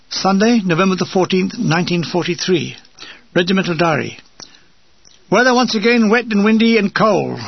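An older man from England reading a war memoir aloud with a dry, wry comic delivery and a gravelly, husky voice. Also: on the high side, no room sound, lo-fi sound. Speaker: narrator.

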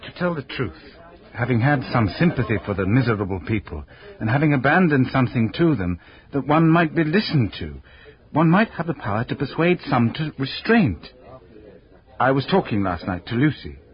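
An actor as a principled young French gentleman, earnest and measured, with a voice that rises and falls freely. It sounds muffled, like an old radio broadcast. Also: mid-range voice, big pitch swings, natural voice. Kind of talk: radio drama acting.

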